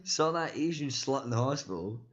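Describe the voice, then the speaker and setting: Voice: medium pitch, animated, moderate pace, muffled recording, very noisy, voice pushed up, lightly acted. A man voicing a tough male gang boss who calls in a favour, in a blunt, crude way. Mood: demanding.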